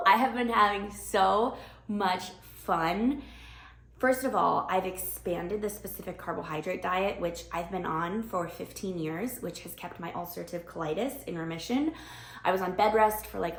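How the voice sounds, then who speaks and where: Young female vlogger, enthusiastic, casual chat, slightly low voice, echoey home room. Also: vocal fry. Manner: bubbly, chatty, enthusiastic.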